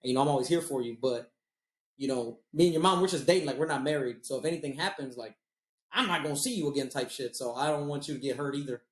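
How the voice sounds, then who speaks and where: A man's voice: medium pitch, quick pace, echoey room. A man telling loose, profane stories in casual chat, laughing at his own jokes. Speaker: podcast host.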